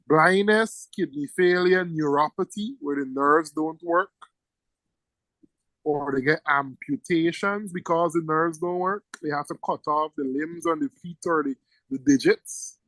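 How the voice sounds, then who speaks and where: A middle-aged man with a lilt teaches medicine to exam students in a high, lively voice. He leans on key words and keeps asking "right?" The sound is close and dry. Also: no room sound, low-quality recording. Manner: emphatic, repeats key words, checks in with "right?". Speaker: medical lecturer. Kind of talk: exam-prep lecture to students.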